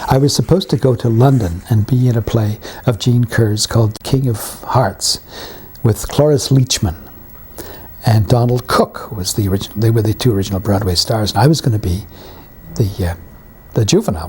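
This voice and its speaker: A husky, raspy-voiced man. His tone is mellow and warm as he tells wry career anecdotes in an interview. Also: fairly low pitch, normal speed. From Canada. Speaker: veteran actor and writer being interviewed. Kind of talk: reminiscing interview.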